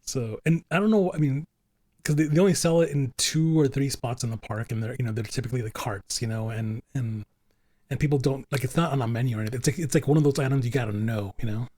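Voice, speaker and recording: A man's voice: mid-range voice, fast talker, warm tone, no room sound, clean studio sound. A man hosting a podcast, chatting casually and rambling with lots of fillers and restarts. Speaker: podcast host. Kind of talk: casual chat.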